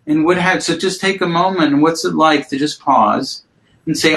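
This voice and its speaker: A man guiding a mindfulness session on a video call, speaking slowly and gently and inviting pauses. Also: a little high, gravelly, rough recording. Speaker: mindfulness teacher.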